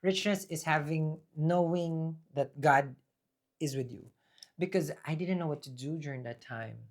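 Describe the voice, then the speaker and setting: A man's voice: fairly high pitch, a little slow. Rambling, emphatic male tarot reader. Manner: rambling, with frequent fillers and restarts; bursts into loud, emphatic talk. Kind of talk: casual spoken tarot reading with personal testimony.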